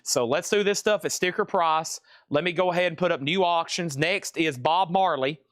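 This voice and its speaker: A man's voice: a little high, moderate pace, fairly bright tone, no echo, studio quality. A man hosting a live-streamed record sale, chatty and rambling as he runs through auctions. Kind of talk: live-stream sales patter.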